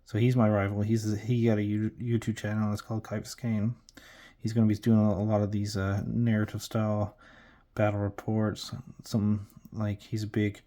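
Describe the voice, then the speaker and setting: A man with a low, warm voice rambles casually while he paints at his hobby desk. He is playful and chatty, often trailing off mid-thought before circling back. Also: level tone, moderate pace. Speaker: hobby miniature painter, channel host.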